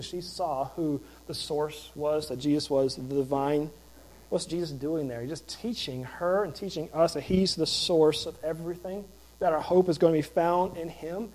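A man's voice: a little high, moderate pace, darkish tone, rough recording. A man who is a pastor, preaching a sermon in an emphatic, conversational way with rhetorical questions.

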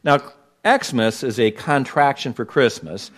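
Preaching a sermon to his congregation, this Los Angeles pastor has a mid-range voice and an unhurried delivery. He drives his points home emphatically, hitting key words with sudden bursts of volume.

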